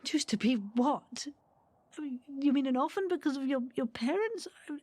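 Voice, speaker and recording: An actress playing a lonely, haunted girl who talks softly and hesitantly. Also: sits high, lively intonation, normal speed, no echo. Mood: gentle. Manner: soft and hesitant, fearful.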